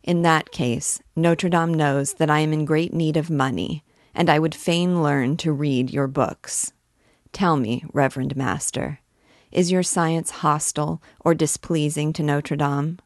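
An old, gray-haired stranger presses his questions humbly but eagerly, voiced by a woman reading a novel. The voice is low and unhurried, with a dry, close sound. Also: fairly even intonation, dry recording. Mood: probing.

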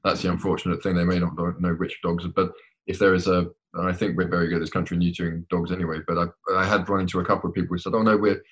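Deep-voiced man, halting casual chat. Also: little pitch movement, a bit bright. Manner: hesitant, with many repeated words. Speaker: podcast guest.

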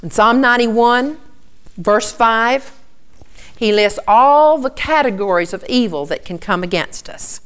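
A middle-aged woman preaching in a somewhat high voice. She teaches earnestly and steadily, walking her listeners through scripture passage by passage. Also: measured pace, clear, resonant tone. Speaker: Bible teacher. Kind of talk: sermon.

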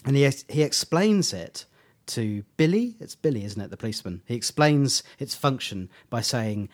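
A man's voice: mid-range voice, animated, moderate pace, hardly any pauses, a little mellow. A man co-hosting a casual fan podcast, animatedly recounting favourite quotes and slipping into voices. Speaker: podcast co-host.

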